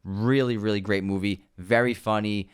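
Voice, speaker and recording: A man's voice: fairly low pitch, fairly even intonation, moderate pace, smooth, dry recording, clean studio sound. A man co-hosting a casual film podcast, enthusiastically recommending movies. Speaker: podcast co-host.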